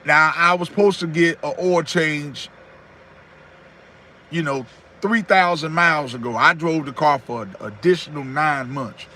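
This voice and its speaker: A man's voice: a little high, unhurried, bright, forceful tone, slight background noise. A man in his thirties giving folksy motivational talk on his own channel, repeating his points and greeting viewers by name. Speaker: YouTuber hosting a live stream.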